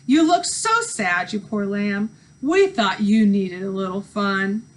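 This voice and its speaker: A woman's voice: mid-range voice, animated, slow pace, recorded from a distance. A woman voicing a cooing, soothing mother talking on the phone in a read-aloud storybook.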